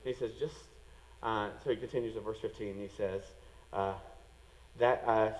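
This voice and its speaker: A man preaching a sermon as a pastor, animated and acting out the voices of people in the story. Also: fairly low pitch, moderate pace, in a large hall, low-quality recording.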